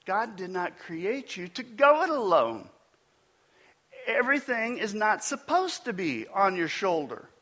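A man's voice: high voice, big pitch swings, unhurried, sharp tone. A man preaching a sermon, telling a funny personal story before building to emphatic preaching. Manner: storytelling with self-deprecating humor. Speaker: pastor.

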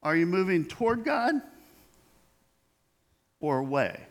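A man's voice: high-pitched, sing-song, takes it slowly. A man preaching a sermon in a conversational way, acting out the dialogue he quotes. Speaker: pastor.

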